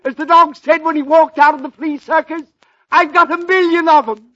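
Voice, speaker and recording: A man's voice: very high-pitched, fairly even intonation, moderate pace, sharp tone. An actor playing a pompous male comedian who tells stale puns, in 1940s radio comedy acting. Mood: smug. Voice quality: pompous, punning delivery. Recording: dull old radio broadcast with hiss.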